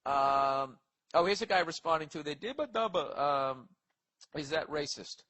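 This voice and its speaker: A man's voice: on the high side, expressive, a little slow, pushed and bright, poor audio. A man hosting a comedy podcast, ranting profanely and rambling as he reacts to listener mail. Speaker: podcast host. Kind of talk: casual comedic podcast rant.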